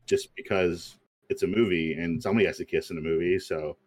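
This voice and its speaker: A man hosting a podcast, pitching a story in casual chat, rambling and laughing at himself. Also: fairly even intonation, a little fast, darkish tone. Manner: rambling, many fillers and self-amused laughs. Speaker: podcast host pitching a movie idea.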